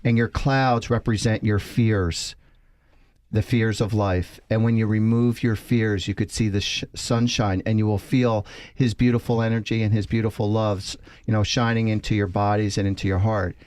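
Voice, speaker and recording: A man's voice: on the low side, little pitch movement, normal speed, a little mellow, smooth, dry recording. A man with a New Jersey accent, a psychic guest on a radio talk show, talking in an effusive, rambling, spiritual way. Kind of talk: casual radio chat.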